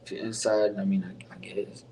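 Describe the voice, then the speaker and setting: Far from the mic, with slight background noise and low-quality sound, a young man kicks off his solo podcast. His low, gravelly, mellow voice holds a level tone at normal speed as he rambles in a laid-back, slangy way with plenty of fillers.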